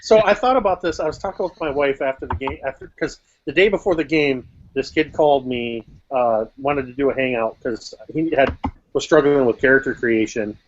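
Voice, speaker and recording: A man's voice: mid-range voice, fairly quick, a little hiss or hum. Hesitant man on a dull call. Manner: hesitant, repeats words. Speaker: game master and host. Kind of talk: casual chat.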